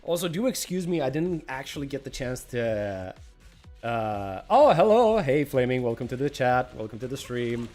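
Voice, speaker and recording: A man's voice: mid-range voice, moderate pace, a little mellow, faint music behind. A man streaming a game, chatting casually, greeting viewers by name and snacking as he talks. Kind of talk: casual livestream chat.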